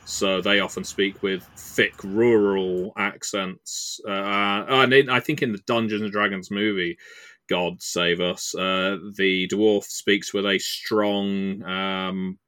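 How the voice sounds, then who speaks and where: A man's voice: low-pitched, fairly even intonation, takes it slowly, fairly bright tone. A man co-hosting a podcast, speaking thoughtfully in casual chat with frequent hesitations. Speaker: podcast co-host.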